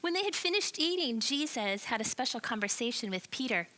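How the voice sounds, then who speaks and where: A woman telling a Bible story to children as a church lesson, animated and expressive, asking her listeners questions. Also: on the high side, fairly quick. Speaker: children's ministry teacher.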